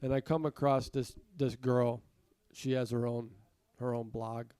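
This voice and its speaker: A man's voice: mid-range voice, level tone, unhurried, dark tone, clean tone, dry recording. A man co-hosting a podcast, ranting with a lot of profanity in casual chat and sounding congested. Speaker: podcast co-host.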